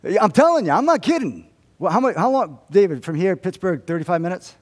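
Pastor, male, lively storyteller with a fairly high, sweeping pitch; church hall echo. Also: fairly quick. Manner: animated storytelling with humor and acted-out quotes. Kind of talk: sermon. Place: church sanctuary.

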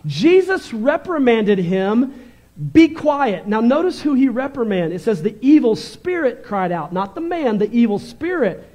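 A male pastor preaching a fervent, animated sermon, moving between loud bursts and quieter stretches. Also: extremely high pitch, moderate pace.

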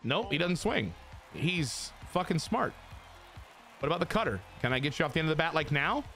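A man giving casual, excitable commentary over his own video game match, swearing and trash-talking the opponent as he plays. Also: on the high side, a little fast, creaky, faint music behind. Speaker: gaming channel host.

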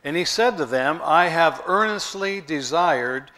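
Male pastor, friendly sermon delivery, tossing questions to the congregation, voice on the higher side. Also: lively intonation, unhurried, bright, forceful tone. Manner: conversational preaching with rhetorical questions.

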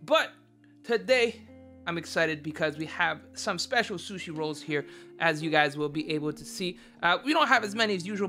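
A man's voice: on the high side, pushed and bright. A man hosting a casual mukbang vlog, chatty and upbeat, talking straight to his viewers while he eats. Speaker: food vlogger host. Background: faint background guitar music.

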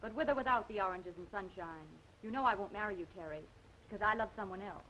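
Woman playing a poised, gently firm young woman. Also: mid-range voice, quick pace, close to an everyday voice, poor audio. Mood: composed. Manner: composed, pleading. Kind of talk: 1930s film acting. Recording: 1930s film soundtrack, faint hiss.

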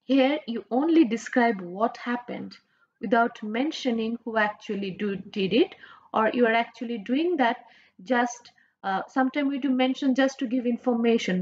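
A woman with a Bangladeshi accent teaches English grammar in a recorded lecture. She speaks slowly and patiently in a fairly high voice, often asking the class questions. The recording sounds dull and lo-fi. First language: Bengali. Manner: slow, patient, asks questions and repeats points.

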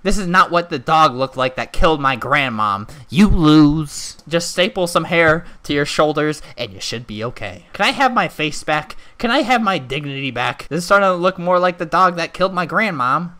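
A man's voice: a little high, lively intonation, normal speed, hardly any pauses, bright, forceful tone. A man narrating his own gameplay for comedy, crude and sarcastic, with bursts of shrieking mock panic. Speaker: gaming video host.

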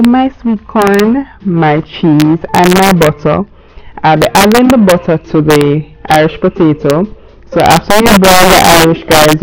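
A woman talks through her recipe in a casual, chatty voice-over, turning to her viewers with little asides. A steady hiss of noise sits behind her voice. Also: on the low side. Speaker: cooking channel host.

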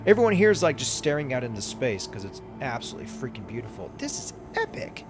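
A man giving excited, chatty commentary while playing a space game, reacting aloud to everything he sees. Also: medium pitch, fast talker. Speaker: gaming YouTuber. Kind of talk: casual gameplay commentary. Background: game music.

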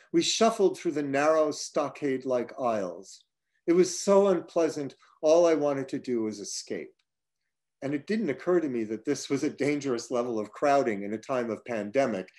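A man from upstate New York in the United States reads his own personal travel essay aloud, speaking in a measured way that slows through long lists, with occasional casual asides. His voice is medium-pitched and a little mellow.

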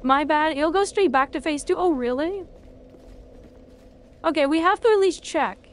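High-voiced excitable woman streamer. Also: normal speed, slight background noise. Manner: excitable, swears a lot, talks at the game. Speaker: game streamer. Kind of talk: live gameplay commentary.

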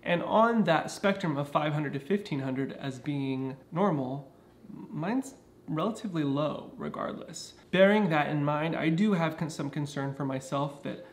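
Indoors at home, a man with a fairly high voice talks to his camera at a measured pace. The vlogger is casual yet earnest as he explains things, frequently starting his sentences over.

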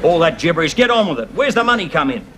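A man with a broad Australian accent playing a loud, cheeky, blustering suburban father in a sitcom. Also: fairly high pitch, big pitch swings, quick pace, very noisy. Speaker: sitcom lead. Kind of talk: 1980s sitcom acting.

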